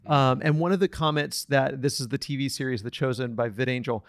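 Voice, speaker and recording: A man's voice: medium pitch, fairly even intonation, fairly quick, dry recording, clean studio sound. A man co-hosting a casual Bible study podcast, talking in a thoughtful, earnest way with frequent restarts. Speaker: podcast co-host.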